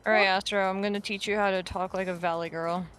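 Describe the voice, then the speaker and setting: A woman's voice: mid-range voice, steady tone, fast talker, a bit bright, faint music behind. A woman in casual chat among friends, playful and rambling.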